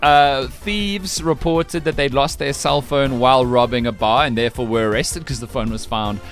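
Man, quiz host, teasing and animated, faint music underneath. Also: medium pitch, normal speed. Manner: animated, teasing, laughs often. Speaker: radio show host. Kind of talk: playful quiz hosting.

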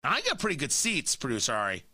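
A man hosting a talk radio show, talking in an animated, opinionated way into a studio microphone. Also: mid-range voice, fast, breathy edge, dry recording.

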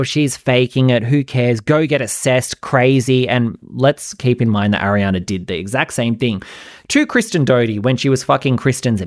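A man's voice: on the low side, no room sound, clean studio sound. A man hosting a podcast, giving blunt, sarcastic and profane commentary. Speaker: podcast host. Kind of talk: opinionated commentary.

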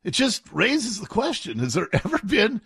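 A man's voice: high voice, wildly swooping pitch, moderate pace, fairly bright tone, slightly rough, dry recording. A man hosting a talk radio show, delivering an opinionated, mocking monologue and laughing often.

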